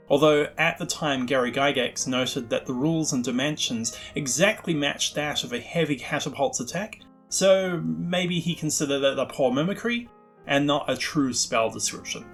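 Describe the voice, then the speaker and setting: A man's voice: on the high side, a bit bright. A man hosting a scripted narration about the history of a tabletop game spell, with wry, self-deprecating asides. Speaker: host.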